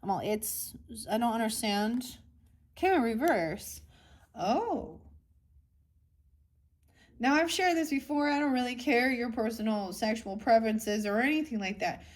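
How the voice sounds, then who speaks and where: A woman's voice: fairly high pitch, lively intonation, a little slow, pauses often. A woman giving a casual tarot reading to her viewers, blunt and mocking, with frequent swearing. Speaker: tarot reader.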